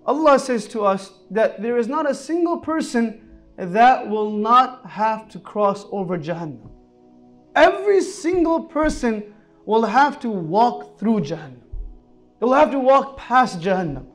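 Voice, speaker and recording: A man preaching an Islamic sermon, telling stories earnestly and moving between soft, low passages and raised, emphatic ones. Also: animated, measured pace, soft background music.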